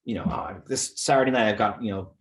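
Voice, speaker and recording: A man as a podcast guest, giving relaxed advice in casual conversation. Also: lowish voice, fast, roomy sound.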